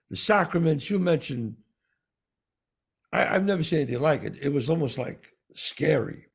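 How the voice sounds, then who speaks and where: A man's voice: a little high, gravelly, a little mellow, breathy edge. A man co-hosting a podcast, telling a story in casual chat and repeating words for emphasis. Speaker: podcast co-host.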